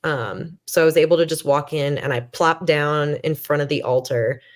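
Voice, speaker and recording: Candid low-voiced woman telling her story. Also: moderate pace. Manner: candid, self-deprecating, many fillers and restarts; acts out her own past thoughts in quoted voice. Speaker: podcast guest. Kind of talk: conversational storytelling.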